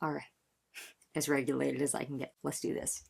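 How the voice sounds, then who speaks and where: A woman's voice: extremely low pitch, level tone, a little fast, creaky, background noise. A woman in her thirties hosting a music reaction video, chatting casually and effusively with lots of "like" fillers. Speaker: reaction channel host.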